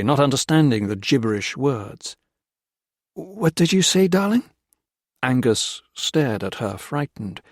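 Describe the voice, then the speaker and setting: A man narrating a novel audiobook with steady, measured reading. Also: mid-range voice, no room sound, clean studio sound. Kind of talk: scripted narration.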